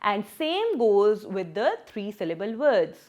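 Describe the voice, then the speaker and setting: A woman teaching a children's lesson, sounding out words slowly syllable by syllable. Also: medium pitch, very animated, darkish tone.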